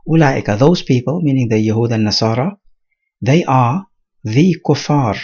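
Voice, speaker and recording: A man teaching a Quran commentary lesson in a measured, explanatory way, with Arabic terms mixed into his English. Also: mid-range voice, expressive, darkish tone, husky, lo-fi sound.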